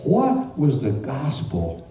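Male pastor preaching, chatty and animated, pitch swinging a lot; captured from a distance in a reverberant church. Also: takes it slowly. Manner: animated, conversational preaching with asides to the congregation. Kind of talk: sermon. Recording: roomy echo, distant mic.

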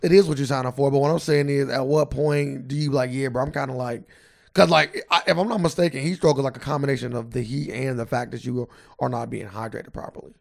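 Gravelly man rambling casually. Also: mid-range voice, fairly even intonation, quick pace. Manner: loose, rambling, lots of "like". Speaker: podcast co-host. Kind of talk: casual chat.

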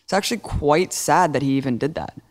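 A man's voice: on the high side, animated, brisk. Indignant sarcastic man talking politics. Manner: indignant, sarcastic, builds rhetorical questions. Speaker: podcast co-host. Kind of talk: casual political chat.

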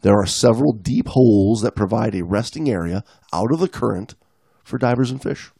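Podcast guy in his 40s reading an article out loud, gravelly voice, dry close sound, cracks wry jokes in between. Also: fairly low pitch, animated, fairly quick, dry recording. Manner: plain read-aloud, wry asides. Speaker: podcast co-host. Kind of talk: reading an article aloud with casual asides.

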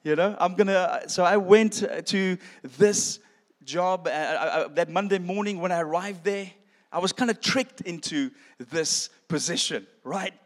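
A man's voice: high-pitched, a little slow. A man giving a sermon testimony, telling his story with self-deprecating humor and calling his listeners friends. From South Africa. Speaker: preacher. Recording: long hall reverb.

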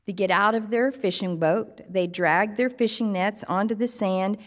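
A woman's voice: mid-range voice, moderate pace, big-room sound. Woman preaching with rhetorical questions. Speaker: pastor. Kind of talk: sermon.

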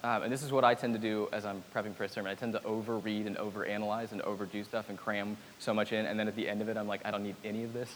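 A man preaching a sermon in a relaxed, chatty way, with self-deprecating asides and humor. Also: on the low side, very fast. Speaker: pastor. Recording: hall reverb with faint hiss.

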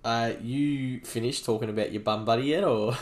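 A man's voice: mid-range voice, normal speed, background noise. An Australian man co-hosting a casual footy podcast, making dry, blunt, sweary remarks. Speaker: podcast co-host.

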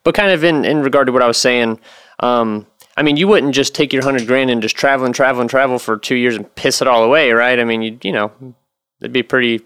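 A man's voice: medium pitch, brisk, a bit bright, smooth, no echo, clean studio sound. A man hosting a casual podcast, chatty and teasing, cursing now and then. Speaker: podcast host. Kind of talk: casual chat. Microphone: studio dynamic mic.

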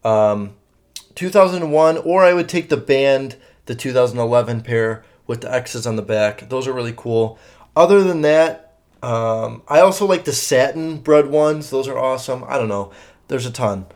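A man's voice: mid-range voice, normal speed, darkish tone. A young man hosting a solo podcast, chatting casually and rambling with lots of fillers and swearing. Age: young adult. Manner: rambling and profane, many fillers. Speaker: podcast host.

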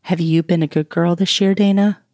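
A woman's voice: fairly low pitch, fairly even intonation, normal speed, a little mellow, no room sound, clean studio sound, lightly acted. Mulder, a woman voicing a flustered lovestruck man.

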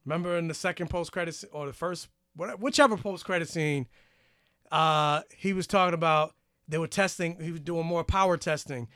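A man's voice: on the high side, fairly quick, a bit bright, dry recording, studio quality. A young man co-hosting a casual podcast chat, retelling movie scenes in a loose, rambling way. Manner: chatty, retells scenes, hedges with "like". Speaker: podcast co-host.

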